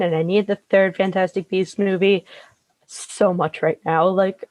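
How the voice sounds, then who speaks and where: A young woman co-hosting a podcast, chatting casually and filling pauses with ums and likes. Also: medium pitch, a little mellow, no room sound. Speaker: podcast co-host. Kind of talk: casual chat.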